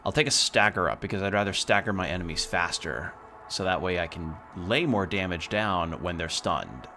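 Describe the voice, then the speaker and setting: A man's voice: low-pitched, moderate pace, bright, forceful tone, a little hiss or hum. A man streaming a video game, chatting casually and swearing freely as he plays. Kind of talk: casual gameplay commentary.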